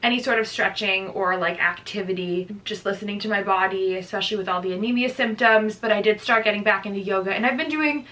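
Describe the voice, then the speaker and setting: A young woman, pregnant, talks through her week-by-week notes in a loose, chatty vlog style with plenty of "like" fillers. Her voice is bright and forward. She sits a bit away from the microphone, so the sound is slightly distant. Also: mid-range voice, fast, hardly any pauses. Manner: chatty, lots of "like", reading from notes. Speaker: vlogger. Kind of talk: casual pregnancy update vlog.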